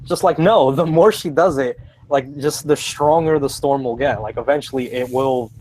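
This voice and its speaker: Halting man in a casual chat. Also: medium pitch, fairly even intonation, darkish tone, a little hiss or hum, poor audio. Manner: halting, restarts often. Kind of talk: casual group chat on a video call.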